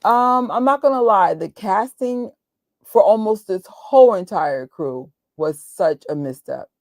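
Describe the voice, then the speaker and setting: Animated, emotional woman ranting about a film. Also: medium pitch, measured pace, no room sound, clean studio sound. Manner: emotional and exclaiming, rants in outbursts; casual and joking, with frequent laughs. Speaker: streamer hosting a movie watch party. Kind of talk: live movie reaction chat.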